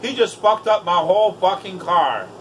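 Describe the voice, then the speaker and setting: High-voiced man, casual profane rant, exasperated storyteller. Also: lively intonation, moderate pace, fairly bright tone, a little hiss or hum, low-quality recording. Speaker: vlogger.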